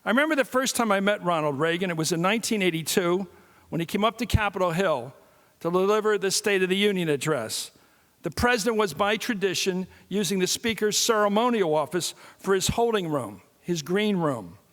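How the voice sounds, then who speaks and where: A man in his sixties speaks as a guest lecturer, his voice pitched high. He tells stories and jokes with lively energy. The sound carries the long reverb of a large hall. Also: brisk. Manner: animated storytelling with jokes. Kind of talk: public lecture.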